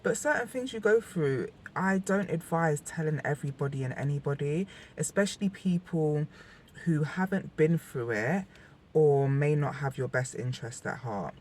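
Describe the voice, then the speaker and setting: A woman's voice: low-pitched, moderate pace, darkish tone. Young woman vlogging, open and emotional, trips over her words a lot, bit of faint noise behind her. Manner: candid, emotional, rambling with restarts. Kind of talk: personal vlog talk.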